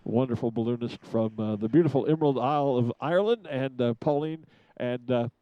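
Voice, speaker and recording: A man giving chatty live commentary from a rooftop studio, pausing often with fillers. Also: medium pitch, dry recording, highs cut off. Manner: chatty, hesitant with many fillers. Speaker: event commentator.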